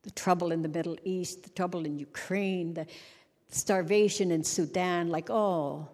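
A woman's voice: on the low side, steady tone, moderate pace, darkish tone. A middle-aged woman giving a humorous sermon on a church stage, a wry storyteller who jokes and acts out little scenes. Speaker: church speaker. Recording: long hall reverb.

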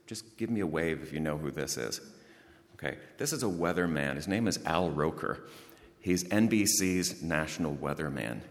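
A man preaching a sermon, telling a story in a lively way and praying in a hushed voice. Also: deep voice. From outside the United States. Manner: lively anecdotal delivery, hushed in prayer. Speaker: pastor. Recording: long hall reverb.

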